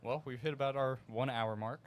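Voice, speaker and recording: A man co-hosting a podcast with his grandfather, steering talk with quick, dry interjections. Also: medium pitch, fairly even intonation. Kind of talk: casual chat.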